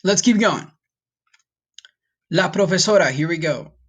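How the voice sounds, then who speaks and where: A man's voice: high-pitched, expressive, unhurried. A man teaching a recorded Spanish vocabulary lesson, patiently breaking words down, having students repeat after him and checking in with "okay?".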